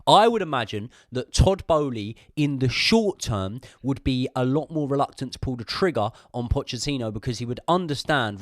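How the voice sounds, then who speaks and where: A man's voice: medium pitch, lively intonation, moderate pace, few pauses, no room sound, studio quality. A man hosting a podcast, chatting casually about football, opinionated and swearing freely with rambling asides. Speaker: podcast host. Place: podcast room.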